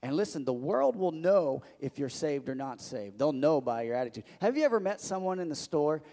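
A man preaching a sermon as pastor, telling stories in an animated, restarting way. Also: fairly high pitch, fairly quick. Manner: animated storytelling with many restarts. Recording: long church hall reverb.

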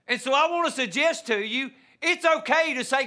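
A man preaches a sermon as pastor, his measured delivery swelling into impassioned pleading, and he tends to repeat words when starting a sentence. His voice is very high, bright, and forceful.

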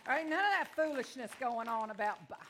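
A woman's voice: on the high side, animated, fast talker, fairly bright tone, a faint crowd, a little hiss or hum. A woman with a Texan accent preaching a sermon in a church, fervent and folksy, telling stories and calling out amen. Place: church service before a congregation.

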